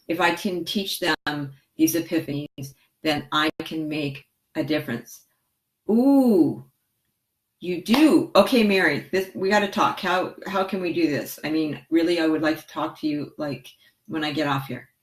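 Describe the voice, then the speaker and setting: Excitable low-voiced woman therapist vlogging. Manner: excitable, chatty, self-described goofball. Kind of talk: casual vlog talking to viewers and live chat. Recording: echoey, roomy sound.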